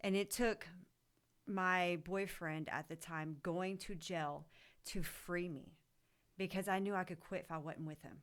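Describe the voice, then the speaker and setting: A woman co-host, a mother, telling her recovery story in a halting way with many pauses. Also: lowish voice, steady tone, fairly bright tone. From Missouri. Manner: halting, with many ums and restarts. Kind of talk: personal testimony.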